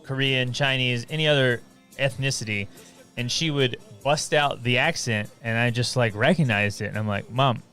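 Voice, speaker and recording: A man co-hosting a casual talk show, telling an animated story full of quick asides. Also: mid-range voice, soft background music. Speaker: podcast co-host. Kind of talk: casual chat.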